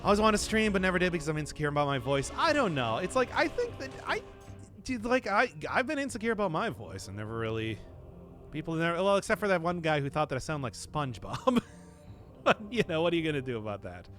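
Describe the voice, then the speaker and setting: Male streamer, animated and chatty, talking to chat over his game, voice on the higher side for a guy, faint music underneath. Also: fast talker. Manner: chatty and rambling, talking to chat while playing. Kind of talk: casual gameplay commentary.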